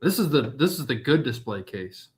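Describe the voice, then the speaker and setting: A man's voice: mid-range voice, big pitch swings, normal speed. Man, podcast guest, casual chat, laid-back.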